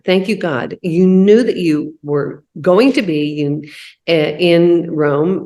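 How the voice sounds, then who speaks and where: A woman's voice: lowish voice, a little mellow. A middle-aged woman hosting a women's coffee chat, telling a faith-based story in a conversational way, with many "you know"s.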